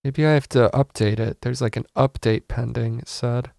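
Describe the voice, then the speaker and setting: Male host, gravelly voice, dry close mic, rambling mock-serious tutorial with frustrated swearing. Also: mid-range voice, steady tone, moderate pace, a little mellow, no echo. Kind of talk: casual comedic screen-recorded tutorial.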